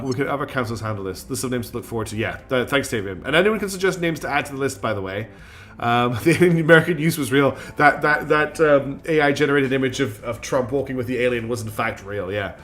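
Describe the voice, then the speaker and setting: A very tired man streams a strategy game, rambling through casual gameplay commentary full of fillers and self-mocking asides. His mid-range voice is animated, fairly quick and a bit bright, with faint music in the background.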